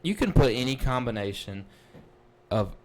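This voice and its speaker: A man hosting a wrestling recap livestream, talking casually, excitable and blunt, swearing freely. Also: medium pitch, moderate pace. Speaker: podcast host.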